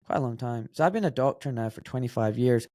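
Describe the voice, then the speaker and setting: A man's voice: mid-range voice, animated, fast, darkish tone, no room sound, studio quality. A man in his forties with a Glaswegian accent, talking bluntly and straight as a podcast guest. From Scotland. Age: 40s. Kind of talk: casual interview conversation.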